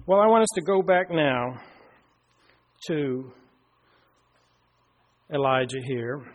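Man preacher, high-pitched, middle-aged, storytelling sermon with hushed emphatic pauses. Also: animated. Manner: storytelling, slows down and drops to a hush for emphasis.

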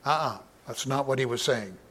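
A man teaching from the Bible in a sermon, reading passages with lifted emphasis and then explaining them plainly. He talks in an unpolished, conversational way, with fillers and restarts, and clears his throat now and then. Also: medium pitch, moderate pace, sharp tone. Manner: reads scripture aloud with raised emphasis, then explains casually with fillers.

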